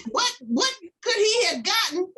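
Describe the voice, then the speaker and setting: A middle-aged woman hosting a casual talk show, telling stories with animated quoted voices. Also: very high-pitched, a little slow, heavy background noise. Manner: animated storyteller, acts out quotes. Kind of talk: casual chat interview.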